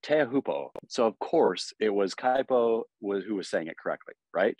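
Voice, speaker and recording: Man, American accent, podcast co-host, animated, lowish voice, dry sound. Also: normal speed, dry recording. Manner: animated, acts out mock dialogue, laughs often. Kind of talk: casual chat.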